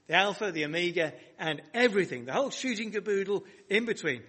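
A man's voice: high voice, animated, fast talker, fairly bright tone, slightly rough. Man preaching a sermon. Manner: preaching with rising emphasis and rhetorical questions. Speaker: pastor. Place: church hall.

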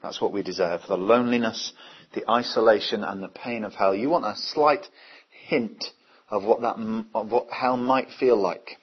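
A man's voice: lowish voice, fairly even intonation, unhurried, slightly rough. A man preaching a sermon earnestly, asking his listeners many rhetorical questions. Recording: dull, lo-fi recording.

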